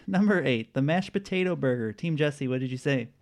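A man hosting a casual quiz podcast, relaxed, chuckling often and filling pauses with uhs. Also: mid-range voice. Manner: laid-back, chuckling, with filler uhs. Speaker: quiz host.

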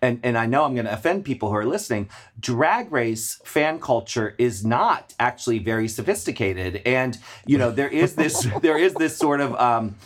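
Man, drag performer, podcast guest or co-host, lively storyteller who laughs through his anecdotes. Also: mid-range voice, normal speed, few pauses. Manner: animated storyteller, bursts of laughter. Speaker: drag performer and theater producer. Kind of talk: casual podcast chat.

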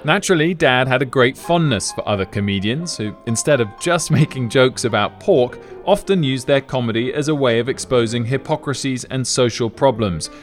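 A man giving measured, scripted documentary narration, explaining archival events. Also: medium pitch, faint music behind.

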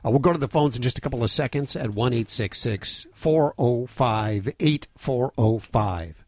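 A man's voice: mid-range voice, expressive, moderate pace, a little mellow, dry recording. A man hosting a pet radio show, joking easily with callers and co-hosts. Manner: jokey, easygoing, laughs with guests. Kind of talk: casual radio chat.

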